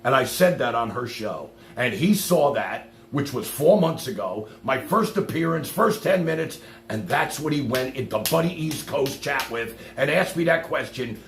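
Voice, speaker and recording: A man ranting on his live stream, profane and passionate, swinging from loud outbursts to low mutters. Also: animated, normal speed, creaky, hardly any pauses, reverberant.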